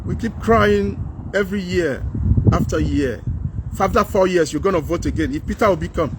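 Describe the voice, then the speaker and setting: High-pitched Nigerian man ranting. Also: moderate pace, background noise. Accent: Nigerian English with Pidgin. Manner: preachy, repeats phrases, asks rhetorical questions. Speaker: political commentator. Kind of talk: impassioned political vlog rant.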